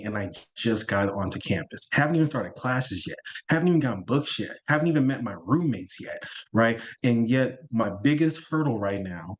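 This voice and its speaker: A man on a panel who tells stories in a playful, animated way, with many fillers. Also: mid-range voice, brisk. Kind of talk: storytelling on a panel.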